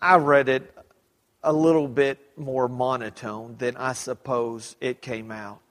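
A man preaching a sermon as pastor, dramatic, rising to shouts when he quotes people. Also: mid-range voice, flat delivery, unhurried. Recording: long hall reverb.

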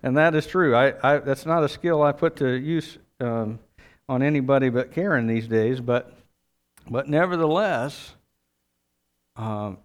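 Slow, clear-voiced male preacher. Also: medium pitch. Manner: reads scripture then preaches conversationally with asides. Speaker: pastor. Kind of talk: sermon.

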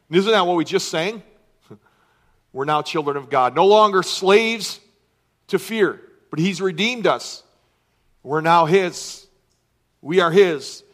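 Man, middle-aged, pastor, high-pitched, earnest sermon, emphatic scripture reading. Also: animated, slow pace, long pauses, a bit bright.

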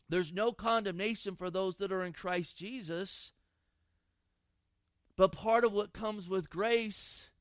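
A man's voice: high-pitched, dry recording. A man preaching a sermon, emphatic and repeating phrases for stress. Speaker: pastor.

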